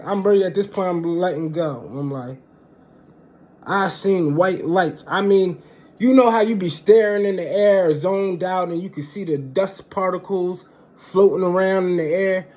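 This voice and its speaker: A young man telling a casual storytime monologue, animated and slangy, punctuating with "boom" and "bang".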